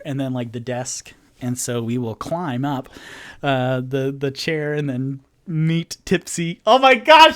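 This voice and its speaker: A young man narrating and running a solo tabletop game, excitable and rambling. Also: mid-range voice. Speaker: game master and solo player.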